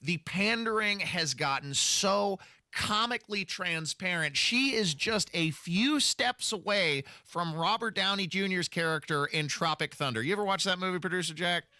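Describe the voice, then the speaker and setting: A male talk radio host with a bright, pushy tone and a fairly high voice, recorded close and dry in the studio. He sounds sarcastic and mocking as he lays out his commentary. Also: moderate pace, dry recording. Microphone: studio microphone.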